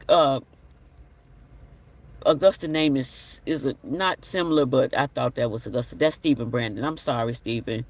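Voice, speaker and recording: A man's voice: mid-range voice, moderate pace, recorded from a distance. A man hosting a casual live stream, chatting and reading viewer comments aloud with an apologetic manner. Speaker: livestream host.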